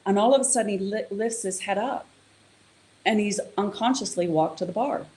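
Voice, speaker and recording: A woman's voice: mid-range voice, moderate pace, darkish tone, a little hiss or hum. A woman who teaches yoga and meditation, explaining in a casual, chatty way and telling a story. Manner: casual, chatty, with fillers and acted-out quotes.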